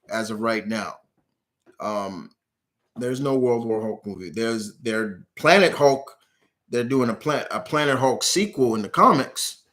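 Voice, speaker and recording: His voice sits in the mid-range with a fairly bright tone. He's hosting a relaxed live Q&A, reading out questions from viewers and responding in a meandering, frank, heartfelt style loaded with fillers, coming across as earnest and emotional.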